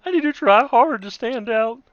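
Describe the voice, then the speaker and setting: A man putting on a loud, high, eccentric teacher. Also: animated, normal speed, dry recording, dull audio, close to an everyday voice. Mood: showy.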